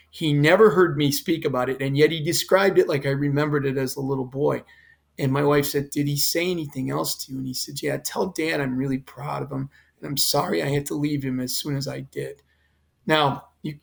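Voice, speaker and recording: A man's voice: fairly high pitch, gravelly. An older man, a former fire chief, telling an emotional personal story in earnest detail as a podcast guest. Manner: earnest, quotes others in his own voice.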